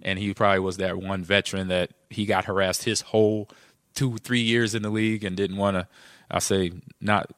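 A man's voice: moderate pace, dry recording, clean studio sound. A middle-aged man, a podcast co-host and former football player, telling stories casually and acting out the quotes. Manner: animated, acts out quotes with jumps in pitch. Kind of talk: casual storytelling chat.

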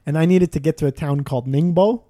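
A man's voice: on the high side, fast, mellow. A man in casual chat telling a long travel story, rambling with restarts and self-deprecating jokes.

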